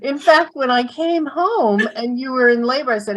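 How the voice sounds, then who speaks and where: A woman's voice: on the high side, normal speed, a bit bright. A woman co-hosting a casual chat, telling stories and laughing often. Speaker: co-founder and co-host.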